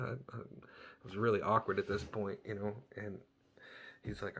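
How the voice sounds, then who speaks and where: A man's voice: fairly low pitch, steady tone, moderate pace, gravelly, sharp tone, a little hiss or hum. A man, a plumber by trade, earnestly telling a personal story about his faith and thinking aloud as he goes.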